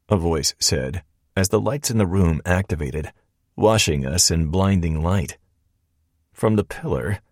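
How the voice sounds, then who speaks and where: A man narrating a first-person audiobook in a steady, measured way. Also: sits low, breathy edge, no room sound, studio quality.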